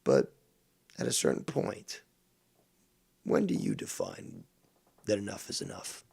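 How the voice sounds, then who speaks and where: A male streamer with a low, heavily gravelly voice, full of fry. He talks bluntly and sarcastically and swears freely while defending himself. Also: huge pitch swings, measured pace, a little mellow. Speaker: streamer and host. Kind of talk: live stream commentary.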